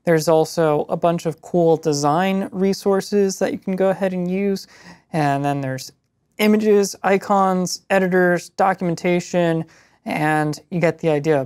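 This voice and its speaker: A man's voice: high voice, darkish tone, smooth. A man co-hosting a casual web tech news show, enthusiastic and easygoing while presenting links. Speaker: co-host.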